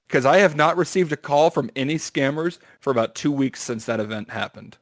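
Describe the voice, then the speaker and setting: A man's voice: a little high, a little fast, no echo, clean studio sound. A man hosting a casual podcast chat, telling a funny story with laughter. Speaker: podcast host.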